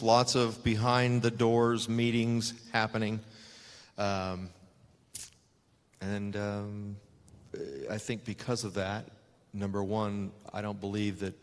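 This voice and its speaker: A former wrestler answering interview questions in a measured way, with hesitations. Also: male voice, fairly low pitch, big-room sound.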